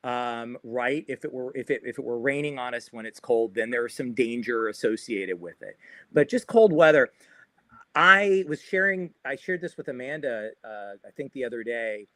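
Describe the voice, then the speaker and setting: Upbeat chatty running coach, dry sound. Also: male voice, mid-range voice, expressive, normal speed, a bit bright, no echo. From Florida. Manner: upbeat, chatty, repeats himself with many "right?" tags. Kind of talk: livestream guest advice.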